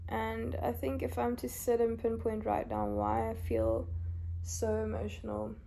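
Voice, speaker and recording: A woman's voice: a little high, measured pace, gravelly, a little hiss or hum. A tired young woman from South Africa, lying in bed and talking openly and emotionally in a confessional vlog. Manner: soft-spoken, emotional and open. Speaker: vlogger.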